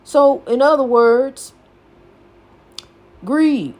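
A woman's voice: sits high, expressive, very slow, darkish tone. An older woman hosting a podcast, giving a folksy, preachy motivational talk and repeating her phrases for emphasis. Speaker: podcast host.

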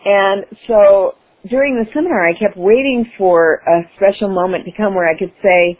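Animated woman telling a story by phone. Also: mid-range voice, normal speed, husky. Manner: animated, enthusiastic, acts out her past self. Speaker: interview guest, author. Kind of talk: storytelling in an interview. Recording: phone-line sound.

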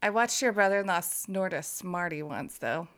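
A woman co-hosting a podcast, chatty and quick to laugh, telling stories in casual chat. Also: on the low side, expressive, a bit bright. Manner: giggly, chatty storyteller. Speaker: podcast co-host.

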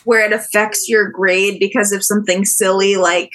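Young woman podcast co-host, easygoing and chatty, crisp bright tone. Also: medium pitch, flat delivery, normal speed. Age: young adult. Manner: easygoing, laughing, storytelling. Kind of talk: casual podcast chat.

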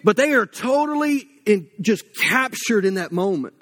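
A man's voice: sits high, animated, moderate pace, fairly bright tone. A man, giving a casual, story-filled sermon full of fillers. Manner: casual and anecdotal, many fillers like "like" and "you know". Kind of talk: conversational sermon.

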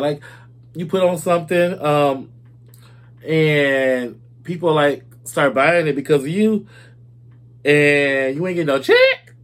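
A man hosting a casual celebrity gossip talk, chatty and informal, calling his listeners "y'all" and "baby". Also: mid-range voice.

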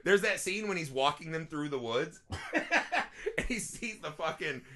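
A man's voice: fairly high pitch, big pitch swings, measured pace, sharp tone. A man co-hosting a movie podcast, telling stories in casual chat, swearing often and laughing through his lines, who grew up in a small farm town. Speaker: podcast co-host.

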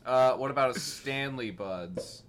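A man's voice: mid-range voice, measured pace, a crowd in the background. Droog plagerige man, korte grappen. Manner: dry, teasing deadpan quips. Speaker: podcast co-host. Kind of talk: casual chat.

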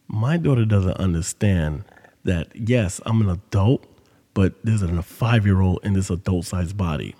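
A man's voice: low-pitched, unhurried, dark tone, big-room sound. A man hosting a podcast, telling a story in casual monologue with loose, profane street talk. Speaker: podcast host.

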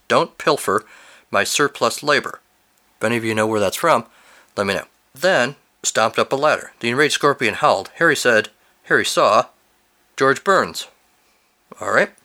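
Host, male, bright voice, reads goofy listener stories with amused asides. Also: on the low side. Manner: animated, amused asides between read lines. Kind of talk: reading fill-in-the-blank stories aloud with commentary.

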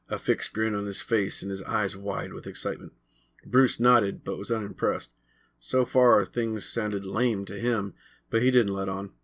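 A man narrating a chapter of his own novel in a measured, steady reading voice. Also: lowish voice, creaky. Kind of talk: audiobook-style narration.

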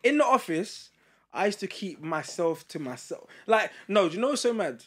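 A man's voice: high-pitched, big pitch swings, moderate pace, a bit bright. A young man, a comedian, joking and laughing through rambling casual chat.

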